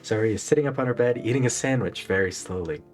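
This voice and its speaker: A man's voice: medium pitch, quick pace, a little mellow, soft background music. A man reading a visual novel aloud as a game player, dramatic in places and often breaking off to joke and laugh.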